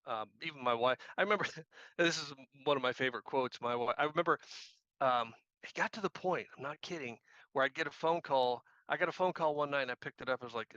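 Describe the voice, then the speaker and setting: A man's voice: medium pitch, a little fast, pushed and bright, dry recording, highs cut off. A man, a guest activist trainer, telling casual self-deprecating anecdotes and repeating phrases for emphasis. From Missouri. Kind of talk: casual storytelling.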